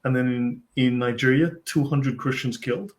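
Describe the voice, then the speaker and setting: A man hosting a relaxed discussion in a middle-pitched, unremarkable voice. He talks in a loose, rambling way, with plenty of "I mean" and restarts as he works out his point. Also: moderate pace. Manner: rambling, hedges often with "I mean". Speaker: host. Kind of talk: casual conversational discussion.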